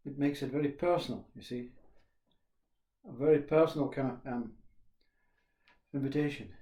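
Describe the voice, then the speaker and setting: A man giving a slow, reflective spiritual talk, repeating questions and pausing often. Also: medium pitch, mellow, roomy sound. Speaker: spiritual teacher.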